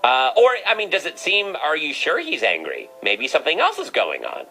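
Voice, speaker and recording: A man's voice: a little high, wildly swooping pitch, moderate pace, vocal fry, sharp tone, faint music behind, poor audio. A man hosting a comedic call-in show, teasing a caller with a playful, stammering delivery and a mock pet-psychic bit.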